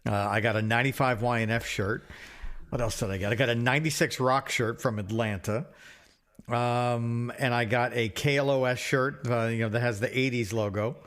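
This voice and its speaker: A man's voice: medium pitch, fairly even intonation, normal speed, a bit bright. A middle-aged man co-hosting a podcast, telling stories in casual chat, swearing freely and repeating himself. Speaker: podcast co-host.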